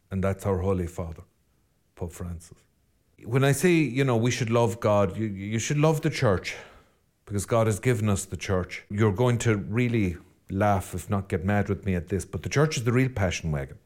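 A man's voice: fairly low pitch, moderate pace, a little mellow. An Irish man, a Catholic priest, giving an earnest, rambling podcast reflection with self-deprecating asides.

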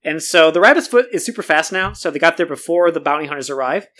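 Fast-talking man recapping a story. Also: on the high side, animated, fairly bright tone. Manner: breezy, playful storytelling. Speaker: podcast host recapping a story. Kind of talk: casual comedic recap.

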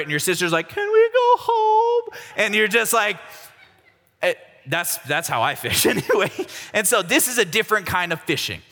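In a reverberant hall, a young man gives a comic youth sermon, retelling a Bible story in a jokey, slangy way. His medium-pitched voice sounds pushed and bright.

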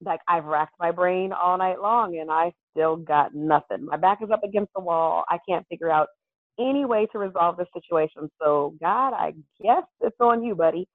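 A woman guest on a podcast, candidly telling a personal story in an earnest, animated way that often breaks into laughter. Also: on the low side, normal speed, dry recording. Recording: thin phone-like call audio.

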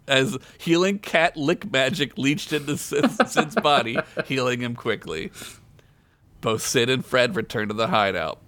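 A man's voice: medium pitch, measured pace, a bit bright, dry recording. A man hosting a podcast, reading a comedy story aloud and laughing along. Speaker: podcast host.

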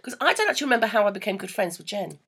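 A woman co-hosting a comedy podcast, chipping in quickly with teasing remarks in casual chat. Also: medium pitch, lively intonation, heavy background noise. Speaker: podcast co-host and comedy promoter.

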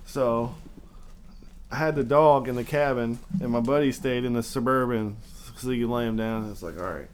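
A young man telling a rambling story in casual, profane talk, animated when he acts out the scenes. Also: mid-range voice, moderate pace, a little hiss or hum. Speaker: podcast guest.

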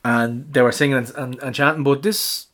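A man's voice: mid-range voice, fairly even intonation, moderate pace, a bit bright. A man co-hosting a sports podcast in a blunt, sweary, casual way, laughing easily. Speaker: podcast co-host.

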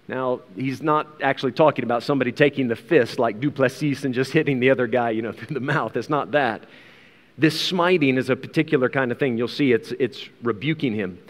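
A man's voice: mid-range voice, moderate pace. Earnest male preacher in a reverberant hall. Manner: earnest, asks rhetorical questions, repeats words. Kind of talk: expository Bible sermon.

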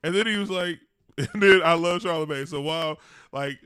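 A man's voice: fairly high pitch, moderate pace, a bit bright, smooth, no echo, studio quality. A man co-hosting a casual chat show, talking loosely with lots of slang and frequent laughter. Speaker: podcast co-host.

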